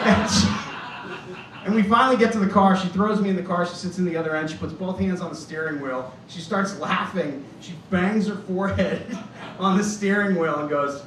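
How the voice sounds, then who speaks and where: A man in his fifties performs a stand-up story, acting out the voices of the people in it. His voice sits a little high, and it reaches the mic from across an echoey club, with constant ambience underneath. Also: moderate pace, far from the mic, noisy background. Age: 50s. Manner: storytelling, acts out quoted voices. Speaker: stand-up comedian. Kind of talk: stand-up set. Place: comedy club stage.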